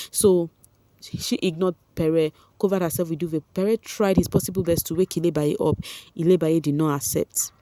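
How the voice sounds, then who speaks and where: A woman with a Nigerian accent recapping reality-show events for her viewers in a chatty, animated way, often turning to address them directly. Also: on the low side, moderate pace, no room sound. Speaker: vlogger.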